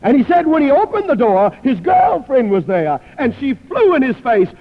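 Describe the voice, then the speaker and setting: A man's voice: very high-pitched, sing-song, normal speed. A man preaching a sermon, telling a story dramatically and acting out the people in it. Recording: tinny phone-like sound with long hall reverb.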